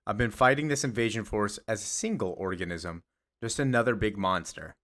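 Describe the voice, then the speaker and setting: A man playing a calm superhero from a comic, speaking in an earnest, steady, matter-of-fact way. It stays close to a plain everyday man's voice. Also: on the low side, brisk. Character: calm heroic male superhero.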